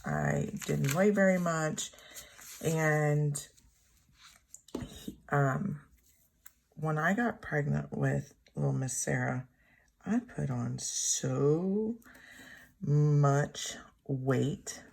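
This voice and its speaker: A woman in her thirties telling a personal story at home in a rambling, halting way, often correcting herself. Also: low voice, creaky, a little mellow. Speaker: planner vlogger. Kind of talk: casual storytelling while journaling. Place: home room.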